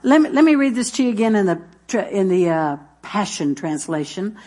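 A woman's voice: medium pitch, very animated, a little fast, few pauses, mellow. A woman preaching in a church, chatty and folksy, telling homey stories and reading scripture between laughs. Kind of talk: sermon with jokes and scripture reading.

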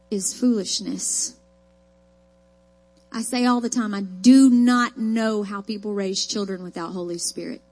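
Emphatic woman preaching a sermon. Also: medium pitch. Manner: emphatic, folksy storytelling with rising declarations. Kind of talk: sermon with personal testimony.

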